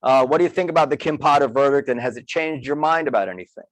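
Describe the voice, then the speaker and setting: Halting male talk-show host. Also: mid-range voice, no room sound, poor audio. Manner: halting, quick to laugh. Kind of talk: casual talk-show chat.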